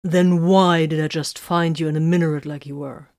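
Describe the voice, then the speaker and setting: A woman's voice: low voice, fairly even intonation, moderate pace, darkish tone, no echo, clean studio sound, natural voice. A woman reading the part of a sarcastic male space warrior with an ironic edge.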